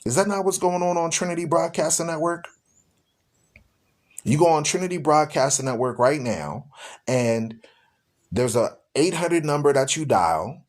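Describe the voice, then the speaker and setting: Male host, preachy and emphatic, voice sits fairly high. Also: animated, normal speed. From United States. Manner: emphatic, rhetorical, repeats questions. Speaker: radio show host and Bible teacher. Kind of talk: preaching talk show.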